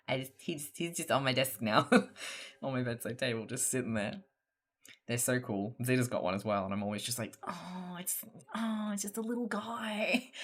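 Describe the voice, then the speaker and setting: Excitable, swearing streamer with a lively voice. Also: medium pitch. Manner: chatty and excitable, swears freely, laughs often. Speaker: live streamer. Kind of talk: casual chat to a live stream audience while crafting.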